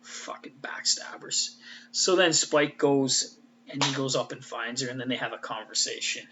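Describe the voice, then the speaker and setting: A man's voice: mid-range voice, normal speed, background noise. A man giving a casual, rambling fan recap. He swears freely and often trails off and restarts. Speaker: fan commentator.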